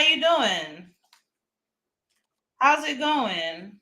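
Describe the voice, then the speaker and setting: A woman from Louisiana hosting a casual morning live stream, chatty and warm with viewers, greeting them by name and laughing often. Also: high voice, big pitch swings, drawn-out words, long pauses.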